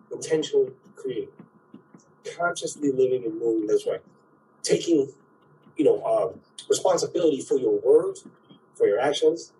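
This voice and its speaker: A man's voice: mid-range voice, dark tone, far from the mic, slight background noise, low-quality recording. A man giving a spiritual talk, who keeps checking in with "right?" and acts out quoted voices.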